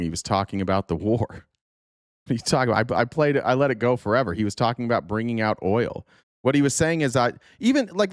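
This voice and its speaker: A man's voice: on the low side, no room sound, clean studio sound. A man hosting a live political commentary stream, ranting at his chat in a heated, profane and sarcastic way.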